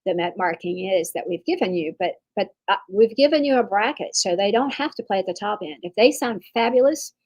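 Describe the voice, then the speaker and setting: A woman's voice: mid-range voice, lively intonation, fairly quick, few pauses, darkish tone, rough recording. A woman giving an online percussion clinic, chatty and reassuring, with many fillers and restarts. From Texas. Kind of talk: online masterclass talk.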